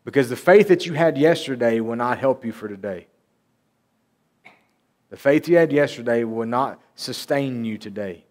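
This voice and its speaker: A man preaching a church sermon in an earnest, conversational way. His voice sits at a middling pitch, and it lifts whenever he reads the verses aloud. He sounds like a preacher talking plainly to his own congregation. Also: lively intonation, normal speed, a little mellow. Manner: earnest and conversational, lifting his voice when reading scripture aloud. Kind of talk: sermon with Bible reading. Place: church service.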